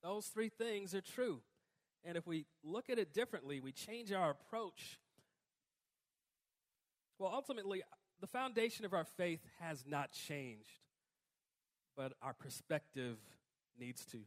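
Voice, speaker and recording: A man preaching a sermon in a conversational way, breaking into emphatic, louder outbursts. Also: high-pitched, expressive, a little slow, pauses often. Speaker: pastor.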